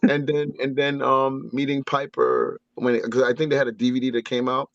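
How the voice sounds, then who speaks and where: Male guest, animated storyteller, slips into impressions, muffled dry recording. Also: medium pitch, fairly quick, no echo. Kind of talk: casual storytelling.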